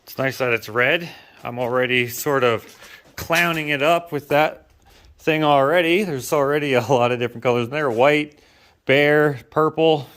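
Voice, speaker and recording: A man's voice: mid-range voice, normal speed, a bit bright. A man vlogging casually in his woodworking shop, rambling with lots of fillers and self-deprecating asides.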